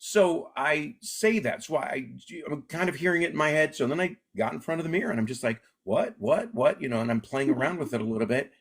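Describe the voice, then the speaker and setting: The comedian guest, a middle-aged man who grew up in Alaska, talks fast with a fairly high pitch, vocal fry, and few pauses. He chats casually in the interview as an animated storyteller, impersonating the people he quotes.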